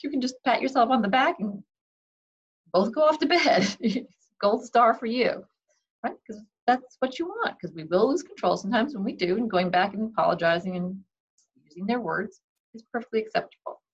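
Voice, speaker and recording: A woman's voice: a little high, lively intonation, moderate pace, breathy edge. A woman giving casual parenting advice in a conversational way, often saying "okay" and acting out what parents and kids say. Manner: conversational, frequent "okay", acts out parent and kid lines. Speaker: parenting advisor. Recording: dull lo-fi recording.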